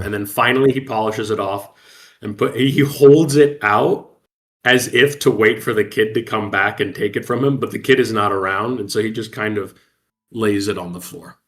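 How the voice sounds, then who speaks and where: A man's voice: lowish voice, moderate pace, a bit bright. A man playing a tabletop role-playing game, chattily describing what his character does. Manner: amused, chatty. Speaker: player.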